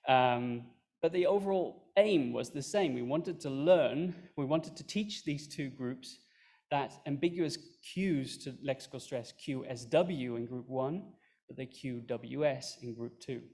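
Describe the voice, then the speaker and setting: A man's voice: mid-range voice, a little slow, a little mellow. A man presenting an academic research talk, explaining his method step by step with fillers and small self-corrections. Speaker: conference speaker.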